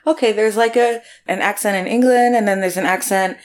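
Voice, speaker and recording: A woman's voice: mid-range voice, steady tone, fairly quick. A woman interviewing in casual conversation, hesitant and full of fillers, often giggling. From United States.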